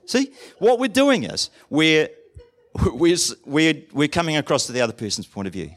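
Lively New pastor preaching. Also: male voice, fairly high pitch, moderate pace. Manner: conversational, asks the congregation questions; acts out short dialogues in different voices. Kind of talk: sermon.

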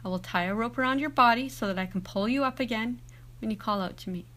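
A woman's voice: fairly high pitch, fast talker, fairly bright tone, close to an everyday voice. Woman voicing a coaxing old witch. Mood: instructive.

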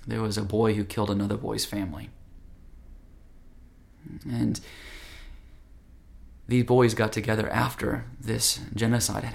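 A man's voice: lowish voice, gravelly. A man teaching yoga philosophy in an earnest, conversational, direct way. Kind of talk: spiritual talk.

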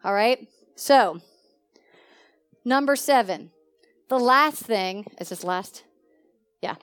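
A woman pastor teaching a sermon to her congregation in an animated, conversational way, often putting questions to the listeners. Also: a little high, slow, long pauses, clear, resonant tone, soft background music. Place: church service.

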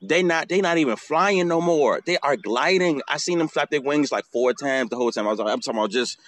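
A man's voice: fairly high pitch, animated, brisk, a bit bright, no echo. A man hosting a podcast outdoors, telling a casual, swearing story and acting out the bird calls. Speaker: podcast host.

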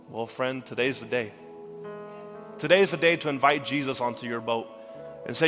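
A young adult man, a pastor, preaching a sermon with earnest feeling that swings from urgent rises to hushed, tender passages. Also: mid-range voice, a little fast. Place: church sanctuary. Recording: church hall reverb with faint music.

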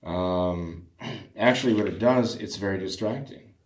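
A man with a fairly low voice talks earnestly and in a measured way, stopping to restart phrases and clear his throat. His voice carries a noticeable room echo. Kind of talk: discussion on prayer.

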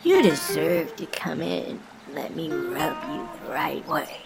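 A woman's voice: low-pitched, lively intonation, unhurried, gravelly, full character voice. A woman voicing a fawning, sultry masseuse in a spoof radio ad. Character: gushing flattering masseuse woman. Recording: music playing behind.

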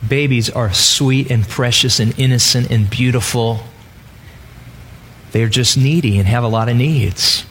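A man's voice: mid-range voice, measured pace, a bit bright, a little hiss or hum. A man preaching a sermon in a conversational way, often asking rhetorical questions. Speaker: pastor.

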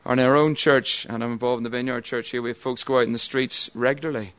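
A man and church member giving a formal debate speech, measured and argumentative. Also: medium pitch, steady tone, fairly bright tone, no echo.

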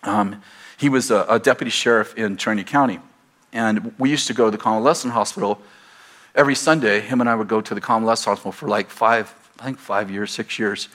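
A pastor telling a personal story in a sermon, acting out both sides of the conversation in an animated way. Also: male voice, fairly low pitch, fast. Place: church.

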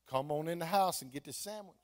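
A man voicing a kind older gentleman who speaks softly and gently, in a sermon story. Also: fairly high pitch, a little fast, natural voice. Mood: reassuring.

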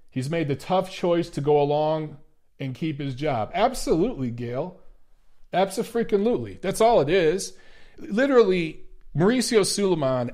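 A man hosting a boxing review show, giving blunt, profane, emphatic commentary in a ranting style. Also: on the high side. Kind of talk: opinionated commentary and rant.

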